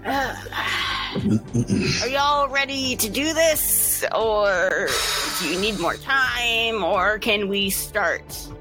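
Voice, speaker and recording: A woman's voice: mid-range voice, expressive, drawn-out words, music in the background. A woman running a tabletop game in casual chat, bubbly and laughing often. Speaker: game master.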